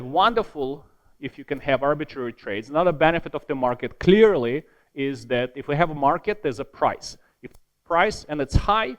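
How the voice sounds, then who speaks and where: Animated man giving an academic keynote. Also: a little high. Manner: lively, self-deprecating asides, emphatic repetition. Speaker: keynote speaker.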